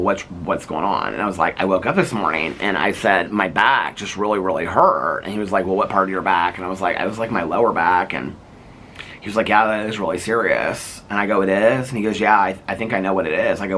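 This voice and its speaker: A man in his fifties talks through his day in a loose, rambling vlog, often laughing as he goes. His voice sits low but swings widely in pitch, with a bright edge. A faint noise hangs behind him. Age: 50s. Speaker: vlogger. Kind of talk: casual chat.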